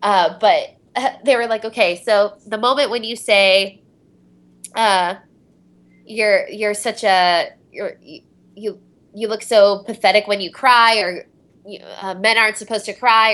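Bright-voiced giggly young woman rambling. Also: medium pitch, measured pace. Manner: rambling, giggly storytelling with many fillers. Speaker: voice actress, panel guest. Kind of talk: casual convention panel talk.

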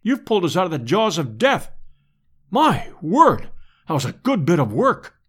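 A man's voice: sits high, huge pitch swings, moderate pace, husky, heavily acted. A man voicing a dry, weary elderly scientist with a plaintive manner.

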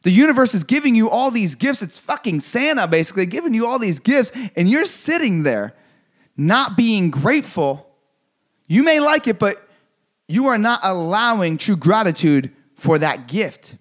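A man with a high voice delivers a motivational talk. He hammers his points through repetition and occasional swearing, pressing hard on the listener. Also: big pitch swings, normal speed. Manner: intense, repetitive, preachy, swears for emphasis. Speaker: motivational speaker. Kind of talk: motivational speech.

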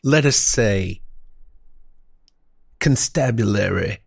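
A man putting on the voice of a pompous, old-fashioned gentleman with ornate, drawn-out formal phrasing. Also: lowish voice, vocal fry, husky, no echo, clean studio sound, exaggerated voice.

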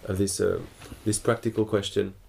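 A man's voice: fairly low pitch, level tone, normal speed, gravelly, a little mellow. A man asking a teacher questions in a spiritual dialogue, hesitant and searching for words, with many restarts.

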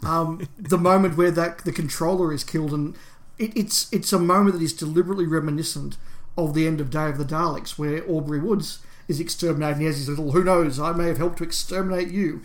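A man's voice: on the high side, steady tone, fast talker. A man co-hosting a fan podcast, talking enthusiastically and in detail in casual discussion. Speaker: podcast co-host.

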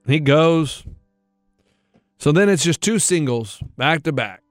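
A high-voiced man tells a story in casual chat and keeps slipping into the voices of the people in it. He sounds dry and close in the studio, with faint music underneath. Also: takes it slowly, no room sound. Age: middle-aged. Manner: animated storyteller acting out other people's lines. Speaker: radio show co-host.

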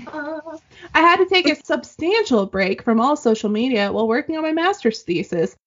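A woman co-hosting a podcast, reading listener stories aloud in casual, animated chat and swearing freely. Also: high-pitched, moderate pace. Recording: dull lo-fi sound.

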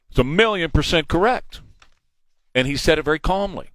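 This fortysomething host with a Texas accent runs a political talk radio program from a studio, pressing his opinions emphatically and driving points home through repetition. His pitch is a little high and expressive, his speed normal, his tone fairly bright. The studio microphone picks up no echo.

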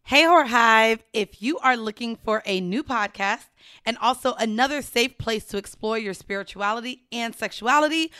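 A woman's voice: a little high, bright, forceful tone, smooth, no echo, clean studio sound. A woman podcast host reading a promo in a casual, profane, upbeat way.

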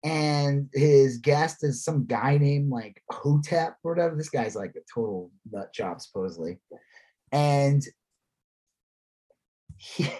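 A man's voice: medium pitch, slow, warm tone, husky. A man co-hosting a casual podcast, talking politics sarcastically and slipping into mocking impressions. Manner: sarcastic, drops into mocking voices. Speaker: podcast co-host.

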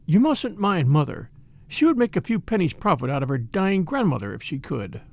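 A man's voice: high-pitched, sing-song, normal speed, a bit bright, no echo, voice pushed up. A man voicing a sardonic young woman with a dry, curt manner.

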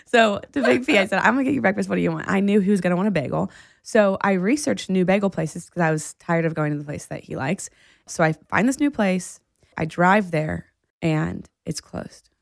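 A woman co-hosting a podcast, telling a story in casual chat, animated and laughing often. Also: fairly low pitch, brisk, creaky, no echo, studio quality. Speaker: podcast co-host.

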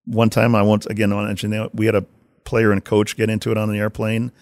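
A man telling casual stories about working in hockey, acting out shouted quotes as he goes. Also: fairly low pitch, fast, no room sound, clean studio sound. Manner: animated storyteller, acts out shouted quotes. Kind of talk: casual anecdotal storytelling.

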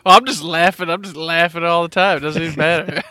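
A man's voice: fairly high pitch, fairly even intonation, fast, bright, forceful tone, no room sound. A man hosting a podcast, chatting casually in a playful, teasing way. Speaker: podcast host. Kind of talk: casual chat.

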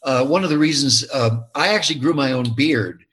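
Older male actor, husky voice, expressive and rambling, casual interview. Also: medium pitch, brisk. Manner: expressive storyteller, many restarts and fillers. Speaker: actor interviewed about his film.

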